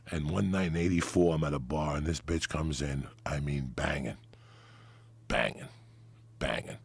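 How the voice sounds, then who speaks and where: Gravelly low-voiced man telling wild stories. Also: measured pace, long pauses, no echo. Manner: animated, profane, acts out quoted lines. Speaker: podcast guest. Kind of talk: raunchy storytelling. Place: podcast studio.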